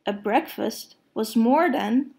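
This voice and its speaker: A woman reading a children's storybook aloud in a gentle, unhurried way. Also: fairly high pitch, creaky.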